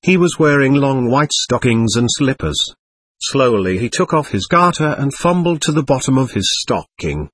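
A man reads a classic novel aloud in an expressive, dramatic manner. His voice is husky and sweeps widely in pitch, recorded dry and close with no room around it. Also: normal speed, no room sound. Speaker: audiobook narrator. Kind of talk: scripted narration.

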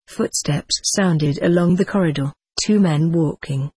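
An audiobook narrator reading a story in a steady, even way. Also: medium pitch, measured pace, breathy edge, no echo.

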